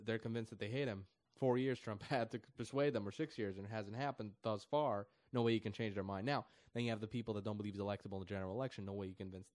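Man ranting with loud emphatic swings. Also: dry recording. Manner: mocking voices with high squealing jumps. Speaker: political commentator. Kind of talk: animated political rant.

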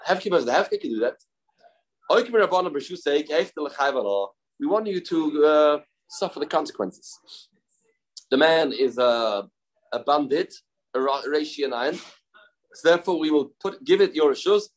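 Animated Yeshivish-accented Talmud teacher. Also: male voice, a little high, poor audio. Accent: Yeshivish English. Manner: animated, repeats phrases, asks and answers questions. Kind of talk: daily Talmud lesson.

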